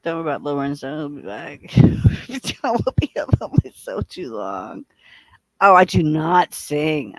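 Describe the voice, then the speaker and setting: A woman's voice: deep voice, sing-song, unhurried, fairly bright tone, no echo, low-quality recording. A woman chatting casually as a guest on a livestream, playful and teasing and laughing often.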